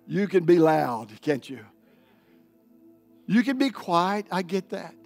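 A man preaching a sermon as pastor, leading the congregation in call-and-response and building to loud, emphatic declarations. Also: high-pitched, big pitch swings, slow pace, gravelly, faint music behind. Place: church sanctuary.

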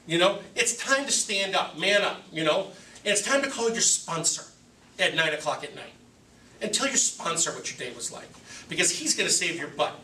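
A man's voice: high voice, expressive, moderate pace, pushed and bright. A man gives a joking, storytelling talk to a recovery meeting, acting out quotes and his own inner voice. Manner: direct and joking. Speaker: recovery speaker. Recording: echoey room from a distance.

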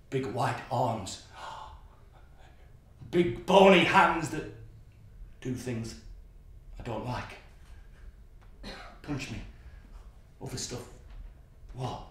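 An actor playing a violent, menacing father who recalls a brutal childhood, in a brooding stage monologue. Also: medium pitch. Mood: haunted. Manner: brooding and menacing, flaring into manic shouting. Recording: echoey hall, voice from far off.

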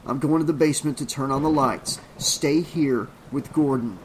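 A tense young man masking his fear behind slow, firm orders, read by a male narrator. He sets each word down deliberately, steady on the surface. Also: mid-range voice, slight background noise, close to an everyday voice, poor audio.

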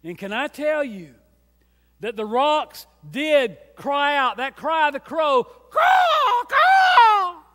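High-voiced man preaching in a reverberant church. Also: lively intonation, slow. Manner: emphatic preaching with repeated refrains, swinging from quiet to loud. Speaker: pastor. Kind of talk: Easter sermon. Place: church sanctuary.

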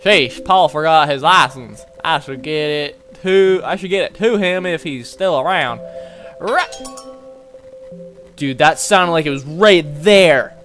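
A man's voice: fairly high pitch, unhurried, few pauses, a bit bright, faint music behind. A young man playing a horror game and joking his way through it, reading the dialogue aloud and swearing. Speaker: gaming YouTuber. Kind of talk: let's play commentary.

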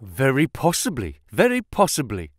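A man voicing a terrified male office manager who speaks fast with strained politeness. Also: mid-range voice, huge pitch swings, dry recording, studio quality. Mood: nervous. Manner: hurried, nervous, strained politeness.

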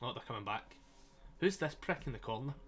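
A man giving excitable, sweary commentary while playing a game, laughing often. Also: medium pitch, brisk, a little hiss or hum. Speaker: gaming streamer. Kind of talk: casual let's-play commentary. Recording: faint game music behind.

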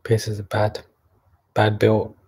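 A man's voice: on the low side, completely flat delivery, slow pace, a little mellow, husky. A young man from Canada hosting a casual livestream, reading chat messages aloud and mocking people in a chatty way.

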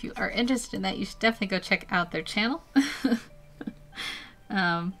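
A woman's voice: mid-range voice, a little fast, a bit bright. A woman chatting casually to a live-stream audience as she sketches a character. She rambles, laughs often and uses many fillers. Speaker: artist streaming a live drawing session. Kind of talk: casual live-stream chat while drawing.

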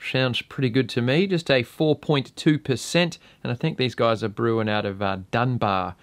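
A relaxed Australian man talks through a casual review and swears freely. His voice sits at a middle pitch and sounds dry and close, with no room echo. He keeps an easygoing, chatty pace. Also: normal speed. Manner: laid-back, swears freely. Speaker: vape and beer reviewer.

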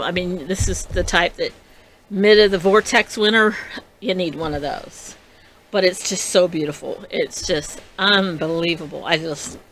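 A woman's voice: medium pitch, slight background noise. Bubbly, chatty woman hosting a crafting vlog. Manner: chatty and rambling, with many restarts; bubbly and excitable. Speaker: podcast host. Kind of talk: casual crafting vlog chat.

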